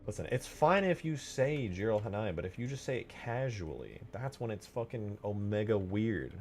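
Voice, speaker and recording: Lower-voiced man rambling while he mods. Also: sing-song, normal speed, soft background music. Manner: rambling and crude, joking to himself while he works. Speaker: streamer and game modder. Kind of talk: casual livestream commentary.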